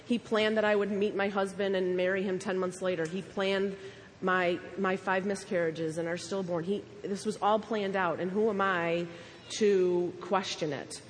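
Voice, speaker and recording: A woman's voice: medium pitch, fairly even intonation, normal speed, big-room sound, slight background noise. A young woman sharing a personal testimony in church, earnest and emotional.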